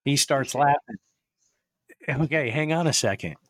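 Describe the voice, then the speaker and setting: A man's voice: medium pitch, unhurried, a bit bright, dry recording. A man hosting a podcast, rambling through stories and chuckling as he goes. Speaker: podcast host. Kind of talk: casual chat.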